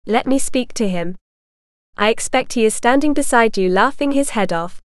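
A woman's voice: a little high, animated, moderate pace, clean tone, dry recording, studio quality, lightly acted. A woman reading the part of a puzzled, exasperated man on the phone, with incredulous questions.

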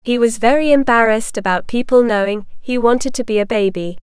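Woman reading as a calm, self-assured woman. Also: a little high, brisk, clean tone, no echo, clean studio sound, natural voice. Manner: calm, matter-of-fact, untroubled.

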